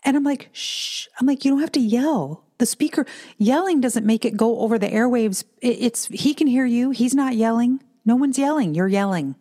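A woman's voice: fairly high pitch, a little fast, dark tone. A middle-aged woman co-hosting a podcast in casual, chatty conversation, telling stories with an exasperated edge. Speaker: podcast co-host. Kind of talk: casual chat.

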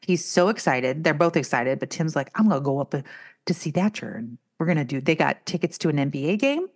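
A woman's voice: low voice, fairly quick. A middle-aged woman, chatting casually as a podcast co-host and telling family stories. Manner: chatty storyteller, animated when telling stories. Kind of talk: casual chat.

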